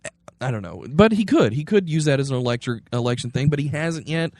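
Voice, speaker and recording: A man co-hosting a podcast, ranting in animated casual political chat and mocking others with quick impressions. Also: on the high side, dry recording. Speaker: podcast co-host.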